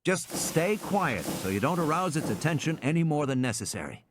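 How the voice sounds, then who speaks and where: A grown man calling steady, insistent orders over a radio in an audiobook, voiced by the male reader. The pitch lifts above the narration and stays lively. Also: moderate pace, noisy background. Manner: firm, insistent.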